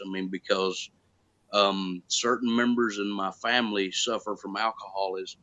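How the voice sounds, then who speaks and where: Animated man on a dull lo-fi line. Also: on the low side, moderate pace. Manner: animated storytelling, acts out quoted exchanges. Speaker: guest actor. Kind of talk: casual chat.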